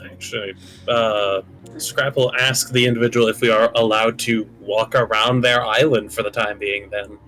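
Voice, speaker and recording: A man's voice: on the low side, steady tone, normal speed, a bit bright, faint music behind, rough recording. Laid-back man playing a tabletop game. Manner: laid-back, joking, filler-heavy. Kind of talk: casual chat on a live stream.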